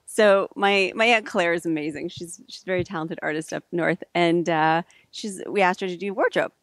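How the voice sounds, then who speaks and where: A woman with a slightly low voice reminisces in a casual chat, animated and quick to laugh, with plenty of "like"s. Her voice is dry and close to the mic, with no room sound. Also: no echo. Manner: animated, laughs easily, says "like" often. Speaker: co-host, filmmaker.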